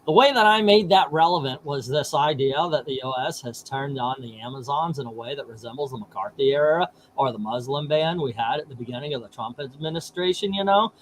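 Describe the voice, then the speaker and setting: A man's voice: mid-range voice, a little fast, few pauses, a little hiss or hum, lightly acted, low-quality recording. A man putting on a mocking, whiny valley-girl-style voice with an exaggerated sing-song delivery.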